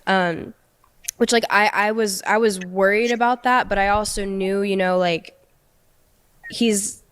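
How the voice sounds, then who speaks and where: A young woman recounting a personal story in a casual, halting way, often restarting her sentences. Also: mid-range voice, fairly even intonation, fairly bright tone, clean tone. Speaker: storyteller recounting a past relationship.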